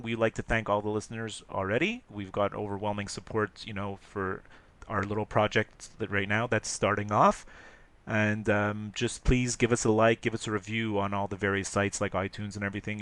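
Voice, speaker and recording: A man co-hosting a casual sports podcast, talking in an animated, rambling way and laughing often. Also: on the low side, clean tone, no echo. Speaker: podcast co-host.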